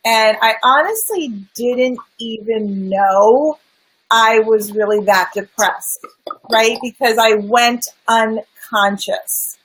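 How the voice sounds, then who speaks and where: This is a woman sharing her life story as a guest on a talk show. Her voice sits a little high, and her delivery is earnest and emphatic, frank enough to swear now and then. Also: slow, a bit bright, husky, poor audio. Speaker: guest, spiritual life coach. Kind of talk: candid personal storytelling.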